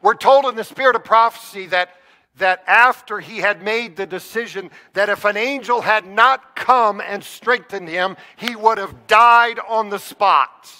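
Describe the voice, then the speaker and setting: A man's voice: high voice, a little slow, sharp tone. A man preaching a sermon to his congregation, earnest and often putting questions straight to them. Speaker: pastor. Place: church sanctuary. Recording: long church reverb.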